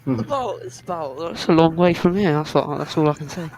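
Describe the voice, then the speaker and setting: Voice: mid-range voice, brisk, a crowd in the background. A speaker joking playfully and stirring up rivalry in casual banter on a live football watchalong stream. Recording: noisy stream audio.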